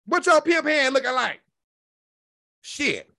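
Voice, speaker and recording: A man's voice: very high voice, sing-song, slow pace, creaky, sharp tone. A man hosting an online show, delivering a sassy, profanity-heavy rant full of insults.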